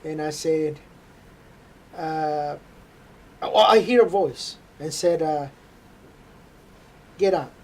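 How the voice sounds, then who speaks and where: A man telling an earnest, halting faith testimony. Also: on the high side. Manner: halting, earnest storytelling with frequent hesitations. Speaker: interview guest.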